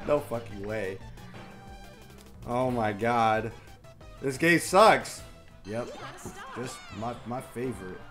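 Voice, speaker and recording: A young man narrates his own gameplay in a crude, trash-talking way, his voice sitting at an ordinary middle pitch. He moves from low, muttered grumbles to sudden yells at the computer players. Faint music plays behind him. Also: slow, long pauses. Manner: crude trash talk, swinging from mumbled grumbling to yelling. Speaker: gaming YouTuber. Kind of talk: live gameplay commentary.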